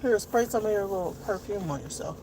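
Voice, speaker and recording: Rambling, heartfelt mom in her forties talking to camera while driving, steady road noise. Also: medium pitch, a little fast. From Detroit. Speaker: vlogger and mother. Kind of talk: casual chat to camera. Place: inside a car on a school run. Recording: car road noise behind.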